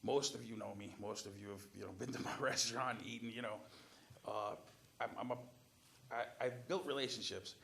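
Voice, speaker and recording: A man's voice: medium pitch, fairly even intonation, moderate pace, gravelly, a bit bright, slight background noise. A man applying for a council seat, answering interview questions in a council chamber with chatty, rambling storytelling. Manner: chatty storytelling, restarts and fillers. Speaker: city council applicant.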